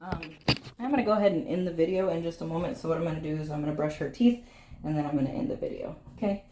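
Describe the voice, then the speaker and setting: A woman's voice: sits low, racing. A woman casually chatting while grooming her dogs at home, teasing the dog and talking to viewers, sweaty from the work. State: sweaty from the effort. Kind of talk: casual chat while working. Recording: echoey room with faint clipper hum.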